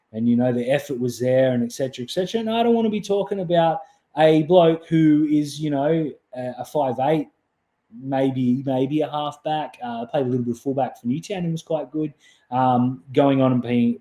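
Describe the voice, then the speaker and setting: A man's voice: mid-range voice, mellow, echoey room. An Australian man hosting a rugby league podcast, ranting with strong opinions in casual chat. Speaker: podcast host.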